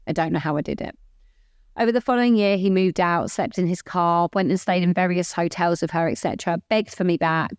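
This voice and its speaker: A woman's voice: fairly low pitch, brisk, smooth, no echo, clean studio sound. A woman co-hosting a podcast, reading a listener's letter aloud and getting emotional. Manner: emotional, voice catching at times. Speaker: podcast co-host.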